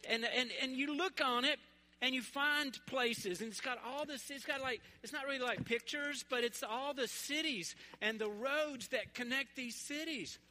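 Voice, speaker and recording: A man from West Tennessee, preaching a sermon in a relaxed, conversational, humorous storytelling way. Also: very high-pitched. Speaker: pastor. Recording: echoey hall.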